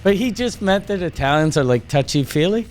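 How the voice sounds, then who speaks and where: A man's voice: high-pitched, a little fast, a little hiss or hum. A man co-hosting a comedy podcast, riffing and laughing as he talks. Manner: animated, laughs into his lines. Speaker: podcast co-host. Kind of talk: casual comedy podcast banter.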